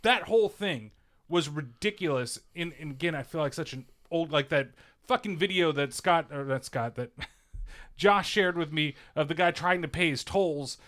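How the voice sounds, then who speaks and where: A man's voice: on the high side, normal speed, fairly bright tone. A man co-hosting a podcast, telling a profane, ranting story in casual chat. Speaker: podcast co-host.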